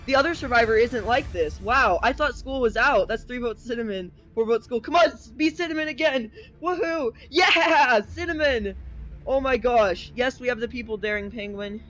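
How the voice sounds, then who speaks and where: A man's voice: very high voice, muffled recording. A young man giving let's play commentary at his desk, cheering, yelping and rambling as the game goes on. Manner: excitable, yelps and cheers at game events, rambling asides. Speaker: gaming video creator. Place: at a desk at home. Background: faint game music.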